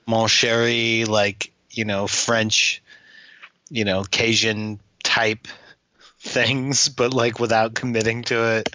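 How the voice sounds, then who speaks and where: A man chatting as a podcast co-host, jokey and fond of goofy accent bits. His voice is bright and mid-pitched. The recording is dry and a little dull. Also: flat delivery, takes it slowly, no room sound. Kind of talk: casual chat.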